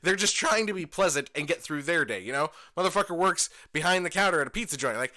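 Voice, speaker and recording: A man's voice: a little high, fast, few pauses. A young adult man co-hosting a casual podcast chat, telling stories with lots of swearing and laughter. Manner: animated storyteller, swearing, laughing, acting out voices. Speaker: podcast co-host.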